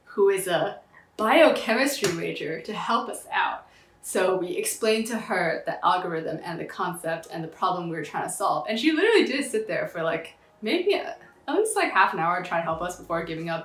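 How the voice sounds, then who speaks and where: A young woman in a casual vlog, telling a story in a chatty, slangy, animated way. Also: medium pitch, reverberant. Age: young adult. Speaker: vlogger.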